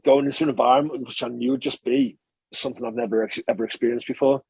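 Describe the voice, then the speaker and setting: A man, a former rugby player, recalls his career in a relaxed interview, rambling and correcting himself as he goes. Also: medium pitch, quick pace, gravelly, husky. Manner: chatty, rambling recollection, frequent filler and self-correction. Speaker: former professional rugby player, podcast guest.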